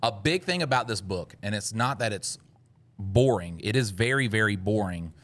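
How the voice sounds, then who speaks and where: A man's voice: low-pitched, fairly bright tone. A man hosting a podcast, rambling in casual chat and laughing often. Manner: laid-back, rambling with frequent laughs. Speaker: podcast host.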